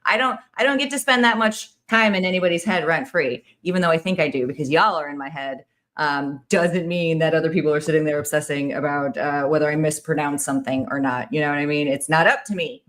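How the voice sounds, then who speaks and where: Woman podcast host, low voice, rambling casual chat, lots of fillers. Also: brisk, fairly bright tone. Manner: rambling, chatty, lots of "like" and "right?".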